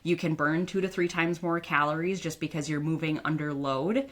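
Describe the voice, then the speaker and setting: Low-voiced chatty woman guest. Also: steady tone, normal speed. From northern United States. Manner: chatty, frequent "like" fillers. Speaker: dietitian and author guest. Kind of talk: casual interview talk.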